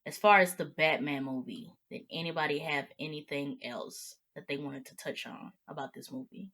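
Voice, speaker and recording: A woman's voice: deep voice, moderate pace, a bit bright. A woman hosting a casual podcast chat, bantering and laughing with her co-hosts. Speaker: podcast host.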